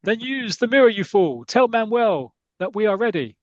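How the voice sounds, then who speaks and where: A man's voice: high voice, very animated, moderate pace, no room sound, highs cut off, voice pushed up. A man voicing a scheming villain lookout who barks orders melodramatically, as part of comic storytelling. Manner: melodramatic, commanding.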